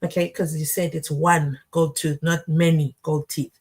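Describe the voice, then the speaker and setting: A woman hosting a casual livestream, chatting to her viewers and reacting to a docuseries with lively asides. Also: on the low side, normal speed, hardly any pauses, breathy edge. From South Africa. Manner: chatty and animated, addresses the chat directly, sidetracks.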